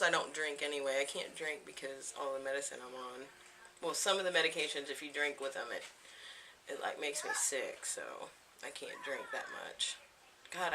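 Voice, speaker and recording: A woman's voice: rumbling low, moderate pace, crowd noise. A woman in her thirties chatting casually to camera at home, rambling from one thing to the next and laughing often. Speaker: vlogger. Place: home, indoors.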